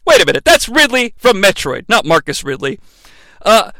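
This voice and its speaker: A man's voice: sits high, big pitch swings, normal speed, bright, forceful tone, no room sound. A man hosting a comedic movie recap, sarcastic and profane. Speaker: movie reviewer, host.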